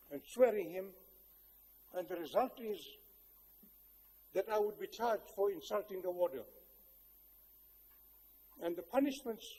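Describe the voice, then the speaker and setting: An older South African man giving a public speech, telling a personal story in a measured, reflective way with wry humor. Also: sits high, warm tone. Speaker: guest speaker. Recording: long hall reverb.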